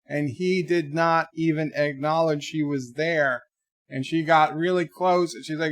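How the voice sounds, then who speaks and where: A man's voice: fairly high pitch, fairly even intonation, normal speed, dry recording. A man chatting casually on his live stream at home, telling a rambling story and reading chat messages aloud. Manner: rambling storyteller, many restarts.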